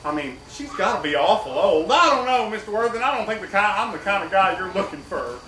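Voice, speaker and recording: A man's voice: high-pitched, animated, brisk, sharp tone. An actor playing a goofy, overly agreeable hillbilly man from Alabama, folksy and laughing. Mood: eager. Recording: echoey room from a far camera with hiss.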